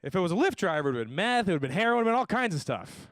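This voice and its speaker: A young man hosting a stand-up comedy show, telling deadpan self-deprecating jokes and slipping into voices for the people he quotes. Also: high-pitched, rapid-fire, dry recording. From Tucson, Arizona area. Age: young adult. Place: comedy stage before a live audience.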